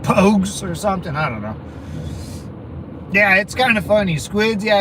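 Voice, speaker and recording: A man's voice: high-pitched, lively intonation, normal speed. A man chatting casually on a livestream, rambling and laughing often as he answers his viewers. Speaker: livestream host answering chat. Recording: street and traffic noise.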